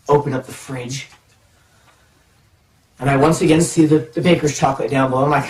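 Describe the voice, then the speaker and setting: A man telling a comic personal story to the camera, animated and self-mocking. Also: a little high, moderate pace, slight background noise. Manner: animated, self-mocking, acts out voices in his stories. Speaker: storytelling vlogger. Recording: echoey room, mic far off.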